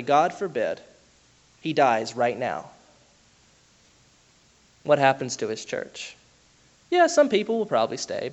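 A man preaching a sermon in a conversational teaching manner, explaining with asides and self-corrections. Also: fairly high pitch.

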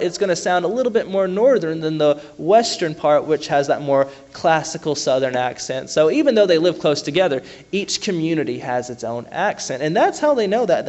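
A man preaching a conversational sermon, often pausing with fillers and restarting his sentences. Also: a little high, a little mellow.

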